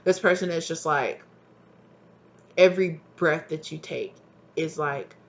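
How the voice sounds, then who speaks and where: A tarot reader giving a rambling, animated channeled reading, acting out little dialogues. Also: medium pitch, a little slow, lo-fi sound.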